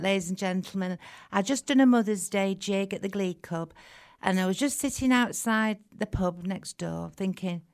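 A woman hosting a comedy podcast in character, chatty and homely, calling her guest love. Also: mid-range voice. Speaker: podcast host. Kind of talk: comic character chat.

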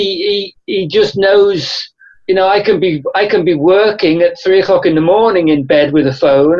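Guest coach with a Liverpool accent, rambling and restarting, on a dull, muffled recording. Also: mid-range voice. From Liverpool, England. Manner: rambling, restarts phrases, animated storytelling. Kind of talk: casual interview chat.

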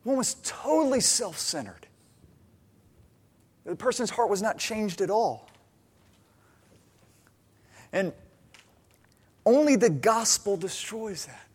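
A man's voice: sits high, takes it slowly, pauses often, breathy edge. A man preaching a sermon, telling stories and acting out the people in them. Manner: animated storytelling, acting out characters' lines. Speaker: pastor.

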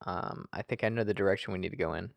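A man's voice: low voice, racing, vocal fry, dry recording, studio quality. A man playing a tabletop game, talking casually and joking with the group. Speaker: player.

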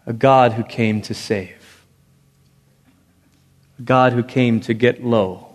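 A man preaching a sermon as pastor, swinging between loud emphatic lines and hushed ones. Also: mid-range voice, fairly even intonation, slow. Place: church sanctuary. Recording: long reverb of a large hall.

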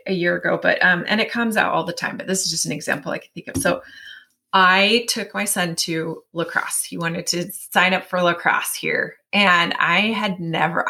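A woman's voice: fairly low pitch, creaky. A woman in her forties, a guest in an interview, telling a personal story in a chatty way, full of fillers, often acting out what her inner voice says. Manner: chatty, many fillers, animated self-quoting.

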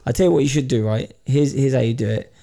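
A man's voice: mid-range voice, fast talker, vocal fry, mellow. A man, chatting casually and acting out both sides of an anecdote. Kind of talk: casual chat.

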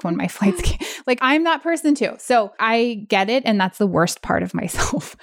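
A woman's voice: fairly low pitch, gravelly, no echo, studio quality. A woman co-hosting a casual business chat, talking frankly and laughing often at herself. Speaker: business co-founder and podcast co-host. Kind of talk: casual conversation.

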